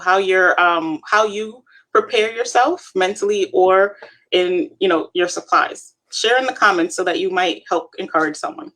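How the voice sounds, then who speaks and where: With a lowish, pushed, bright voice at a normal pace, this Avon representative co-hosts a live stream. Chatty and encouraging, she coaches the viewers, addressing them as "you guys."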